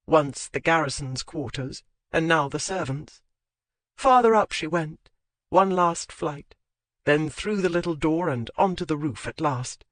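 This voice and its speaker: An audiobook narrator reading a historical romance in an expressive, lilting way. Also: medium pitch, no echo. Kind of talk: scripted narration.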